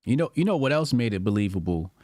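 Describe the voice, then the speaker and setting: A man interviewing a guest, asking calm, steady questions in casual conversation. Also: mid-range voice, fast, no room sound, studio quality.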